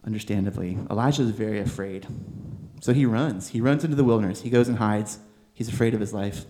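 Male pastor with an easygoing, animated sermon delivery and a mid-range voice. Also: medium pitch, brisk. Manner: conversational, animated, with filler words.

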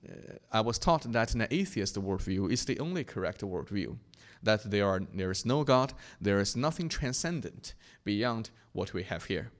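A young man from China giving an earnest, reflective personal testimony, often pausing and restarting his sentences. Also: fairly low pitch, lively intonation. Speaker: speaker sharing his faith testimony.

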